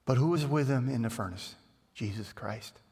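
A male pastor preaching a sermon in a loose, conversational storytelling manner that grows animated. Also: medium pitch, normal speed, slightly rough. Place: church. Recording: reverberant church hall.

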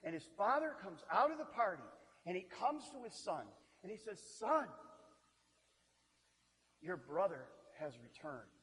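A man preaching a sermon, telling the story with animated energy and often repeating words as he gets going. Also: sits high, a little fast, long reverb tail, low-quality recording. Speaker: pastor.

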